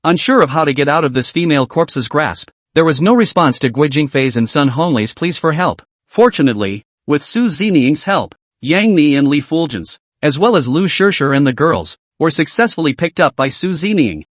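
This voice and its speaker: A man's voice: a little high, animated, moderate pace, hardly any pauses, dry recording. Guy narrating a manhwa recap, dramatic, dry close sound.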